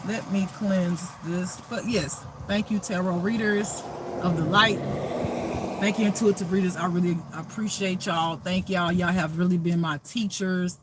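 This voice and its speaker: A woman's voice: lowish voice, very noisy. A woman who reads tarot as a spiritual reader, talking to viewers in a blunt, profane, laughing rant. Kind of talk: casual unscripted monologue to viewers.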